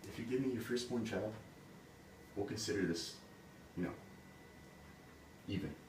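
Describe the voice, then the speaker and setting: A man voicing a sly male goblin who bargains calmly and smugly, in a casual told fairy tale. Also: lowish voice, measured pace, natural voice. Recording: roomy, distant mic, background noise.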